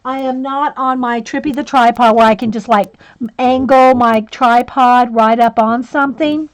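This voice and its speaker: Giggly, chatty woman teaching coloring. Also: on the high side. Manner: chatty, giggly, with frequent fillers. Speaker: coloring channel host. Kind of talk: casual livestream tutorial.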